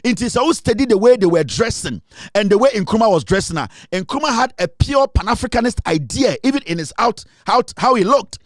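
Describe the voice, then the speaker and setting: A Ghanaian man with a high-pitched voice delivers a heated political rant. He sounds scornful and repeats his points. The recording is dry and close. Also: expressive, fairly quick, no echo. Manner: heated, scornful, repetitive, switching into Twi. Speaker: political commentator. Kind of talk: impassioned political monologue.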